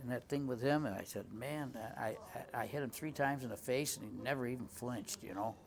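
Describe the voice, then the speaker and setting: A man's voice: mid-range voice, fairly quick, vocal fry. An older man who runs a tavern, telling old stories in a rambling way, full of restarts and "you know". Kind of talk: rambling spoken anecdotes.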